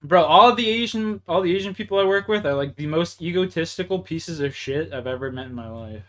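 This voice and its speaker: Fired-up young Canadian streamer ranting. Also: male voice, a little high, animated, fairly quick, fairly bright tone. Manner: profane, heated, frustrated ranting. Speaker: livestreamer. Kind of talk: ranting to livestream chat while gaming.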